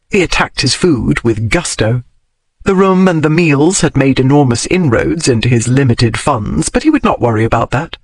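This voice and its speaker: A man narrating a historical romance audiobook in an expressive storytelling manner. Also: on the high side, no room sound, low-quality recording. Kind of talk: scripted narration.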